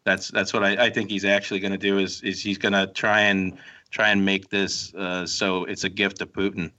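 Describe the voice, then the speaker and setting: A man's voice: deep voice, level tone, moderate pace, pushed and bright. A man with a mixed Midwestern and Southern accent, speaking as a phone-in guest, hesitant with frequent restarts. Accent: mix of Midwestern and Southern. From North Carolina and Ohio. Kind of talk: phone interview. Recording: dull distant phone line.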